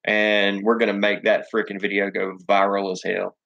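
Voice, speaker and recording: Southern man, rambling profane stream host, lowish voice, dull lo-fi sound. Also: monotone, normal speed, creaky, fairly bright tone. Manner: rambling, profane, many ums and restarts. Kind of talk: casual live chat reading comments.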